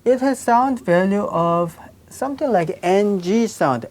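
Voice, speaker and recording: A woman's voice: on the low side, lively intonation, measured pace, darkish tone. A woman teaching a language lesson, patiently repeating sounds and checking in with her students. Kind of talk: slow explanatory lesson with spoken examples.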